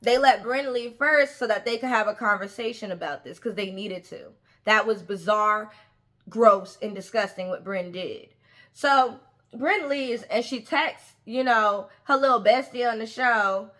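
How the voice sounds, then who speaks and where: A woman's voice: on the high side, measured pace, a bit bright. A young woman giving opinionated casual commentary on a reality show, stressing points by repeating words.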